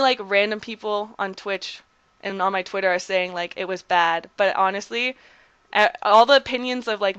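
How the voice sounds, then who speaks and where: A woman's voice: medium pitch, fairly bright tone, clean tone, dry recording, lo-fi sound. A young woman streamer telling a story bluntly and heatedly, with lots of "like" and swearing. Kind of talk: casual storytelling on a livestream.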